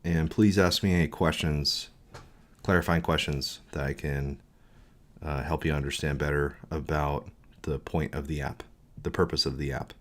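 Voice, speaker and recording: A man's voice: very deep voice, fairly even intonation, normal speed. A man talking casually on a live coding stream, rambling through his thoughts with many fillers and restarts.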